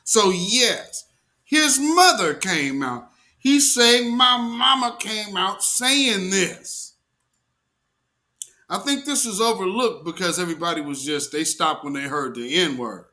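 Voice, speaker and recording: A man's voice: sits high, animated, sharp tone. A man hosting an online show, giving casual, emphatic commentary straight to his viewers. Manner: drawn-out, emphatic, talks to viewers. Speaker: host.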